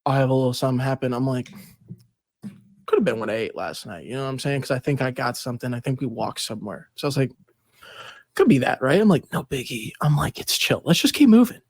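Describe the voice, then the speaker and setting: A young man hosting a podcast, telling a story in casual chat, animated and swearing, acting out quotes with big jumps in pitch. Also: fast, dry recording, studio quality. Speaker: podcast host.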